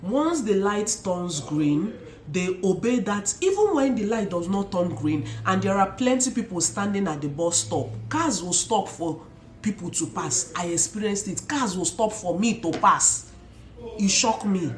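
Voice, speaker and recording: Nigerian woman, young adult, animated storytelling, roomy echo, faint background noise. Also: mid-range voice, unhurried. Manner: animated, mixes Pidgin asides, imitates loud shouts. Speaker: vlogger. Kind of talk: casual storytelling to camera.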